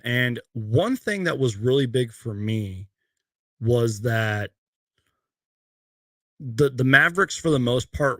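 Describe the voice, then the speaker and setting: Young male fan host with a gravelly voice, live from his bedroom, bursts of excitement between rambling chat. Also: no echo, studio quality. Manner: excitable, loud outbursts on highlights, then rambling. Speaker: sports fan show host. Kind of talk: live post-game fan stream. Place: bedroom at home.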